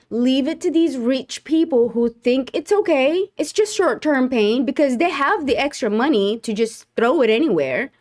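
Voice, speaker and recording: A woman giving sarcastic, indignant reaction commentary. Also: fairly high pitch.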